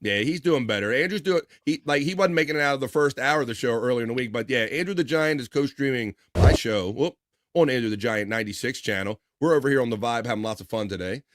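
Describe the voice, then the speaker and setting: A man's voice: mid-range voice, fast, no echo, clean studio sound. Rambling laughing male stream host. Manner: rambling, laughs often, restarts sentences. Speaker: livestream host. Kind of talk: casual live-stream chat.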